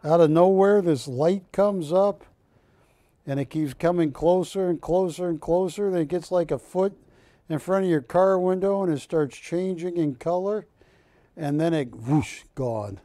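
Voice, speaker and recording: A man's voice: on the high side, a little slow, warm tone, no echo. A man hosting a live shopping channel, joking with the crew and counting prices down. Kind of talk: live TV sales pitch and banter.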